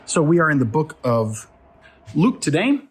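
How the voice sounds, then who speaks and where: A man's voice: fairly high pitch, sing-song, moderate pace, a little hiss or hum. A male pastor giving a casual devotional talk from home, speaking conversationally and putting questions to the viewer. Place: at home indoors.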